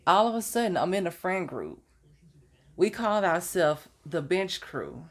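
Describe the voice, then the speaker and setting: A woman's voice: lowish voice, big pitch swings, unhurried. A young adult woman telling stories from her college years in a casual, chatty way, now and then laughing at her own story. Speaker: vlogger.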